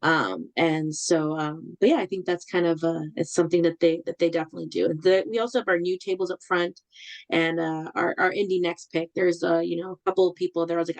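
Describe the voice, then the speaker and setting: Hesitant low-voiced woman bookseller. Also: fairly even intonation, brisk, a little mellow, no room sound, rough recording. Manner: hesitant, many ums and restarts. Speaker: bookseller guest.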